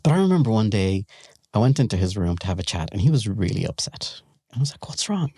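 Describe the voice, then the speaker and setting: A middle-aged man from the Gulf region, a podcast guest telling stories in a casual, animated way, laughing and acting out the dialogue. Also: fairly low pitch, quick pace, breathy edge, no echo, clean studio sound. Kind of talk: casual storytelling.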